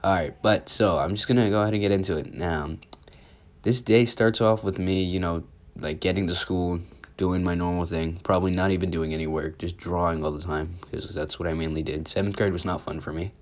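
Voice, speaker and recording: A man's voice: sits low, steady tone, fairly quick. A sick man with a sore throat and sniffles, rambling casually through a story from school. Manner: rambling, casual with many fillers. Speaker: youtuber. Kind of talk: storytime vlog.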